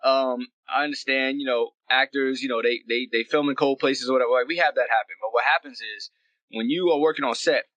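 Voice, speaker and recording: A man guest on a casual podcast call, telling a story in an animated way and acting out bits of dialogue. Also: medium pitch, no echo, highs cut off. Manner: animated, acts out dialogue in quick bursts. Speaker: guest actor.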